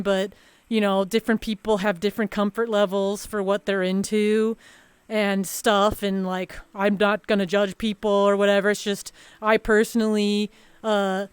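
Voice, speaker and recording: A woman's voice: mid-range voice, little pitch movement, normal speed, clear, resonant tone, no room sound. A woman streamer telling a story in a casual, rambling chat full of fillers and restarts.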